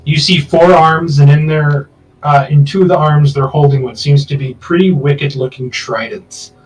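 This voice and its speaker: A man's voice: a little high, moderate pace, faint music behind. Distant-sounding male game master. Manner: relaxed, self-correcting, casual swearing. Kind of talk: running a tabletop game. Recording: distant mic with faint background noise.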